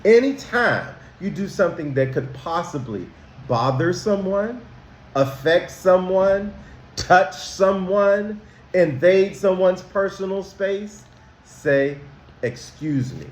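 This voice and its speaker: Slow, expressive man counselor, roomy echo. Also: sits high. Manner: slow, emphatic, asks questions. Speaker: school counselor. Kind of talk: talking to students.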